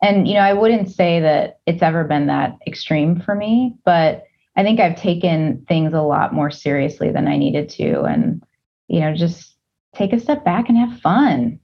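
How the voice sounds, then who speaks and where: A woman interview guest who leads a team, speaking in a thoughtful, measured way with frequent fillers. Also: lowish voice, very animated, vocal fry, lo-fi sound. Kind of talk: casual interview.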